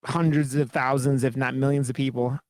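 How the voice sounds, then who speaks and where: A man's voice: medium pitch, level tone, a little fast, a little mellow, dry recording, clean studio sound. A man co-hosting a horror podcast, chatting casually in a rambling, profane, enthusiastic way. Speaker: podcast co-host.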